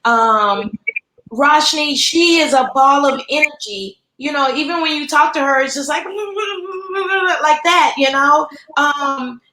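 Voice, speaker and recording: High-voiced woman in her fifties, heartfelt. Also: a little slow. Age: 50s. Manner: warm, heartfelt, many fillers. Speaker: guest pastry chef. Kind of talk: casual interview chat. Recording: echoey room.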